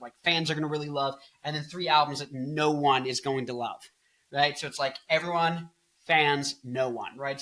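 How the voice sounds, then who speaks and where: A man's voice: on the high side, bright, forceful tone. A man in his twenties, a musician, giving his opinions in a casual, rambling vlog full of fillers and jokes. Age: 20s. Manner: rambling, filler-heavy, joking. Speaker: vlogger and musician.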